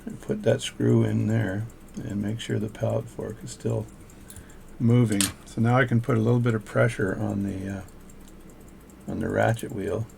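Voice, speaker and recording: An older man, a watchmaker, chats casually as he narrates repair work in his home workshop, thinking aloud between tasks. His voice sits on the low side with fairly even intonation, a moderate pace, some vocal fry and a warm tone. A little hiss or hum can be heard.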